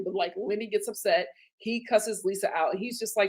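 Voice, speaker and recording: A woman hosting a casual TV recap, animated and indignant, her voice jumping up high when she gets outraged. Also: fairly quick, slightly rough. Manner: casual, with fillers and slang. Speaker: host. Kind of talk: live TV recap commentary.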